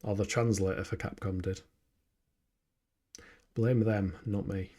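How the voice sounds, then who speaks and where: A man's voice: low voice, steady tone, measured pace, warm tone. A young man streaming a game, chatting with his viewers and muttering to himself as he plays. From Yorkshire, England. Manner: chatty, self-mocking, mutters to himself while playing. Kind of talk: casual gameplay stream chat.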